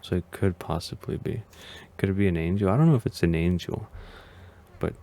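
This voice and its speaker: A man's voice: deep voice, fairly quick, mellow. A man hosting a casual video reaction as a vtuber, talking in a hesitant, rambling way and often sounding unsure.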